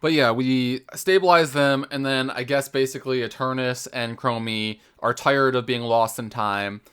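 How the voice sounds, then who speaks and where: A man's voice: medium pitch, steady tone, moderate pace, fairly bright tone, clean tone. A man co-hosting a podcast, rambling casually about a video game and filling his talk with "like". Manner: rambling, heavy use of "like". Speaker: podcast co-host. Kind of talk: casual gaming chat.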